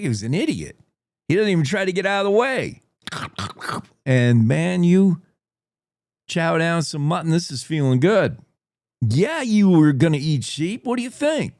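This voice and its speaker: A man's voice: medium pitch, darkish tone, dry recording, clean studio sound. A man hosting a morning radio show, rambling and joking as he tells a story. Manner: jokey, rambling, plays a wolf in first person. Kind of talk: casual talk radio monologue.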